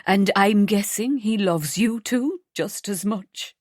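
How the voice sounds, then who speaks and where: A woman narrator voicing an older grandmother who speaks slowly, calmly and reassuringly. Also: medium pitch, no room sound, clean studio sound. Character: warm, wise grandmother, Sylvia.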